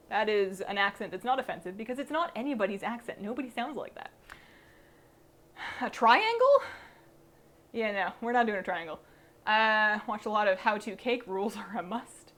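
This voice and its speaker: A woman's voice: on the high side, animated, moderate pace, fairly bright tone, a little hiss or hum. Chatty woman baking on a live stream. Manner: chatty, thinks aloud, self-deprecating. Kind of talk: casual live-stream chat. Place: home kitchen. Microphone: streaming mic through a mixer.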